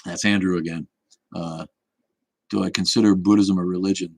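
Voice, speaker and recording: A man's voice: low voice, fairly even intonation, moderate pace, creaky, dry recording, poor audio. A man, hosting a casual livestream, talking in a snarky, rambling way full of restarts as he answers chat. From Boston area.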